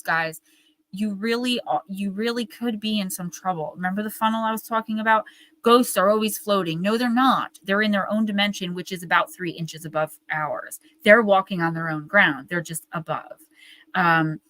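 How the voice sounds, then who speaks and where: Forties female guest, bright and dry, chatty storyteller full of fillers. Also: mid-range voice, dry recording, rough recording. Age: 40s. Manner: animated, fast storytelling with many fillers. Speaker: guest medium and author. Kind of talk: casual storytelling interview.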